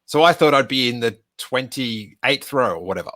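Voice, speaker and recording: Podcast host, man in his 30s, bright voice, chatty rambling storyteller. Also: medium pitch, lively intonation, normal speed. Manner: chatty, rambling anecdote with many "like" fillers. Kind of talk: live stream Q&A storytelling.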